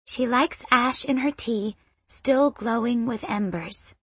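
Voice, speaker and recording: A woman voicing a sleepy, innocent five-year-old girl with a soft, mumbling voice. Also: fairly high pitch, takes it slowly, breathy edge, dry recording, pitched above the performer's own voice, exaggerated voice. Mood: eager.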